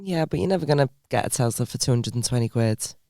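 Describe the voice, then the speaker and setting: A woman's voice: very deep voice, lively intonation, fast talker, mellow, no room sound. A woman co-hosting a podcast, blunt and teasing, who swears casually, recorded on a close, dry mic. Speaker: podcast co-host. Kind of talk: casual banter.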